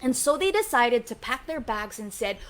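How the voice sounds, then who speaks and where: A woman telling a story live to children, animated and coaxing them to repeat lines. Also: on the high side, normal speed. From Philippines.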